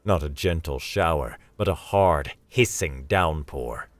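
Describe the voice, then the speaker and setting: Deep-voiced male sci-fi story narrator. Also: expressive, a little slow, no echo.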